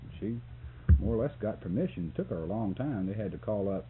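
A man's voice: on the low side, quick pace. Guy spinning a yarn with lots of laughs, sounds like an old phone-thin tape. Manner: laughs often, animated when telling the punchline. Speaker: interviewee, photographer. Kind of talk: storytelling in a recorded interview. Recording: tinny lo-fi tape with hum.

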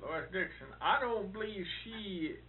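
A man's voice: high-pitched, expressive, unhurried. A man in casual chat, reacting and asking short questions. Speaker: conversation partner. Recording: muffled phone-like old tape.

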